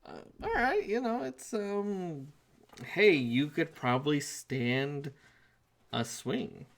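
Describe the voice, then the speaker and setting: A man's voice: on the high side, expressive, takes it slowly, creaky. A man running a casual tabletop game as game master, rambling with many fillers.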